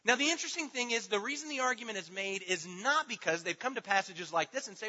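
Male preacher, emphatic teaching style, animated high voice; dull recording with long hall reverb. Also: fast talker, hardly any pauses. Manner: emphatic, swinging between loud stresses and hushed asides. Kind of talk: teaching sermon.

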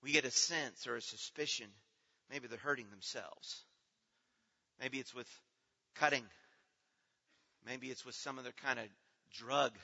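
A middle-aged man preaching a sermon as pastor, earnest, moving between hushed, slow passages and loud, pleading ones. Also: medium pitch, fairly even intonation, vocal fry. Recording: dull sound with long hall reverb.

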